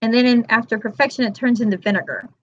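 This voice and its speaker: She speaks fast and animated, her voice on the high side with no room sound. Hosting a casual weekly live chat aimed at moms, she's a chatty storyteller who acts out friends' lines in quotes and addresses viewers as "girl," recorded through dull, dry lo-fi webcam audio.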